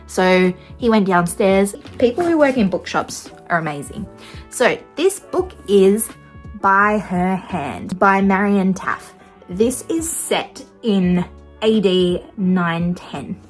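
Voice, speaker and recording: A woman's voice: medium pitch, low-quality recording. A young woman vlogging about bookshops in a chatty, musing way, laughing now and then. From Australia. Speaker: book vlogger. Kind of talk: casual vlog narration. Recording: faint music underneath.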